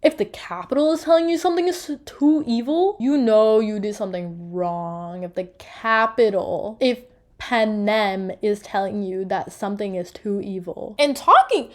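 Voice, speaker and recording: A young woman talking casually about a book she read, animated and full of filler words. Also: medium pitch, moderate pace. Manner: animated, gushing, many filler "like"s. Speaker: book reviewer. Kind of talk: casual book review chat.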